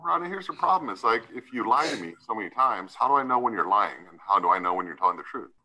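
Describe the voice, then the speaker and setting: A man's voice: on the low side, expressive, fast, sharp tone, rough recording. Stern man lecturing from the bench. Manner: stern, lecturing, repeats "right?". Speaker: judge. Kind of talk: courtroom hearing, addressing a defendant.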